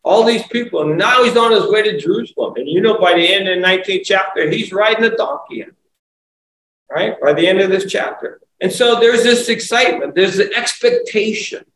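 A man's voice: high-pitched, a little fast, fairly bright tone. A man preaching a conversational sermon, asking rhetorical questions and rising to emphatic exclamations. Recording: echoey room, voice from far off, faint ambience.

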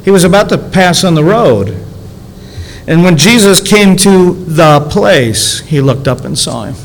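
A male pastor delivering a sermon in a relaxed, conversational way, with a voice pitched a little high. He often asks the congregation rhetorical questions and slows down to lean on important words. Faint hiss sits under the recording. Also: gravelly, rough recording.

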